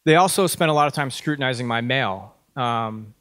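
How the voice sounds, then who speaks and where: A man in his thirties speaks at a conference and tells a personal story. He talks in a conversational way, full of ums and small restarts. His voice sits at an ordinary middle pitch, and the sound is dry and close. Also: expressive, normal speed, fairly bright tone, dry recording.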